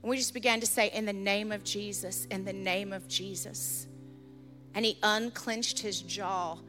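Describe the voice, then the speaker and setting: Woman pastor preaching over soft music. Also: mid-range voice. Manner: storytelling, earnest and urgent, then softly intense in prayer. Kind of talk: sermon.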